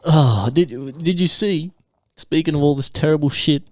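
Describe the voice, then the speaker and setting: A man's voice: a little high, moderate pace, darkish tone, no room sound, clean studio sound. A man co-hosting a podcast, chatting casually, swearing often and ranting about the news. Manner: swearing, exasperated rants. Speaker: podcast co-host. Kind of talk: casual chat.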